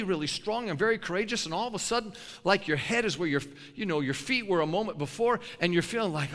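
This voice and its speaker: An older male preacher tells stories from the pulpit in a lively sermon, his pitch swinging widely as he laughs between lines. His voice is bright and fairly high for a man. It rings with the long reverb of a big church hall. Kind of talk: sermon with animated storytelling.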